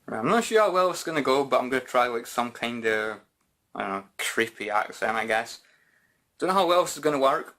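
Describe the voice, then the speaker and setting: A man's voice: medium pitch, animated, a little fast, sharp tone. A Scottish man answering viewer questions in a casual, informal vlog chat, often saying "bloody" and "mate". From Scotland. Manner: chatty and informal, says "bloody" and "mate" a lot. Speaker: YouTube gaming channel host.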